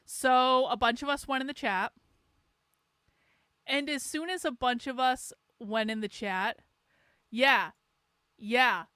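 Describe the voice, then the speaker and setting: A middle-aged woman hosting a livestream speaks slowly and pauses often, her voice on the high side, bright, forceful, and smooth. She rants sarcastically, swears a lot, and laughs as she rambles casually. There is no room sound.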